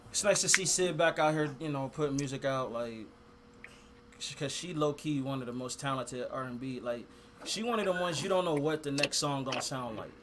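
Man, mid-pitched voice, easygoing soft podcast talk, clear hiss behind. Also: fairly quick. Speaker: podcast co-host. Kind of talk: casual chat.

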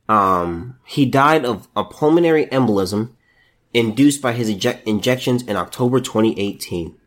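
Guy ranting on his solo podcast, super animated, keeps restarting, can't believe it. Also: medium pitch, moderate pace. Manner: incredulous, ranting, many restarts. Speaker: podcast host.

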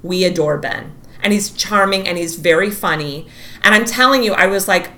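A woman's voice: fairly low pitch, normal speed. A woman in her thirties chatting casually, telling a story and acting out the quotes with lots of "like". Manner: animated, acts out quotes, says "like" a lot.

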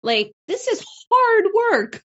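Woman, interviewer, high voice, enthusiastic, dull lo-fi sound. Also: big pitch swings, takes it slowly, fairly bright tone. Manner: enthusiastic, effusive. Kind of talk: casual interview chat. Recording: dull lo-fi audio.

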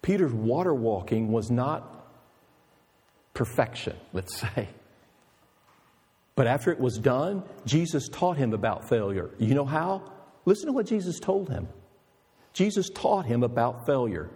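A man's voice: mid-range voice, big pitch swings, unhurried, pauses often, dark tone, slightly rough, big-room sound. A male pastor preaching an emphatic, storytelling sermon with rhetorical questions.

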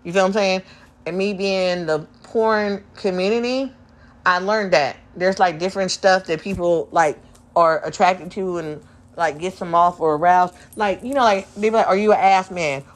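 A young woman hosting a candid solo podcast, rambling in slang with many fillers and breaking into quick mocking voices of other people. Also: on the low side. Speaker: podcast host.

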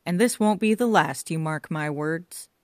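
A woman's voice: on the low side, lively intonation, moderate pace, no echo, clean studio sound. A woman voicing a blunt male police inspector in an audiobook reading. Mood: grim.

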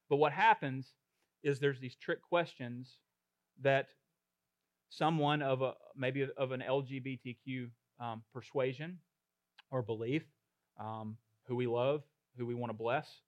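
A man preaching a sermon, building to loud, emphatic passages with rhythmic repetition. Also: mid-range voice, steady tone, measured pace, no room sound, lo-fi sound. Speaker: pastor.

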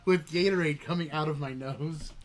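Animated storytelling man, fairly high voice. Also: moderate pace, over a noisy crowd. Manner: animated, swears freely, laughs at his own story. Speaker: podcast co-host. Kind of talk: casual storytelling.

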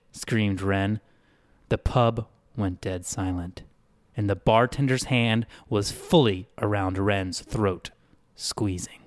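A man reading a scripted story in an even, measured way. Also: on the low side, no room sound, clean studio sound. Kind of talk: scripted narration.

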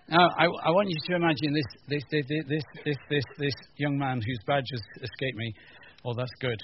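A man from the north of England giving a humorous teaching talk to a live audience, animated and jokey, acting out little scenes. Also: on the high side, moderate pace, highs cut off, noisy background. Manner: animated, jokey, acts out voices, stammering restarts. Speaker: preacher.

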